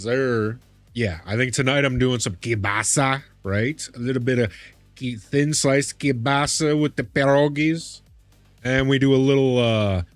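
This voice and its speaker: A man live-streaming a game and talking easygoingly to his chat, friendly and hyping his viewers up. His voice sits at an ordinary middle pitch, recorded close and dry on a desk mic with faint music underneath. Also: dry recording. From Midwest US. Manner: chummy, calls chat "big man", hypes up viewers. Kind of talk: casual live-stream chat while gaming.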